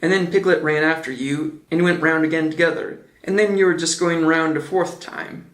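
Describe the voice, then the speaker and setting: A man's voice: on the high side, fairly even intonation, normal speed, a bit bright, lightly acted. A man voicing a kind young boy who speaks fondly and soothingly, in a storybook reading. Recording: roomy echo.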